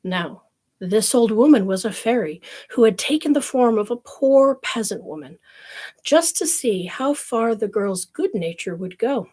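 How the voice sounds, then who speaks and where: A woman's voice: a little high, animated, measured pace, a little mellow. A woman streamer reading fairy tales aloud, breaking off for wry, snarky commentary. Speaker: storyteller streamer.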